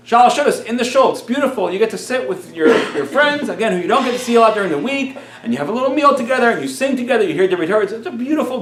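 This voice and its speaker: A man's voice: on the high side, fairly bright tone, reverberant, recorded from a distance, a little hiss or hum. A man, a rabbi, telling a story in a Torah class and acting out the characters' lines.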